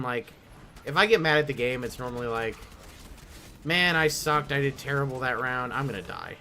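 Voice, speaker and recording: A man of medium pitch streams a game at a moderate pace, telling rambling stories in casual chat. He swears freely and mimics other people's quotes in a raised voice, animated throughout.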